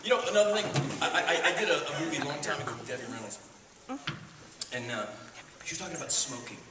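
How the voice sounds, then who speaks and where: A man's voice: a little high, quick pace. A man answering audience questions at a convention panel, swearing freely and acting out the people in his stories. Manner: profane, animated, mimics voices while telling stories. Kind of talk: storytelling Q&A with audience. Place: large convention hall. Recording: roomy hall, crowd noise, far from mic.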